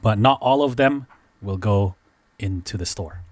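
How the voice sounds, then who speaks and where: A man's voice: on the low side, measured pace, no echo. A man hosting a podcast, recapping events in casual chat, full of "like" and "dude". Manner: lively storytelling full of "like" and "dude". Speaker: podcast host.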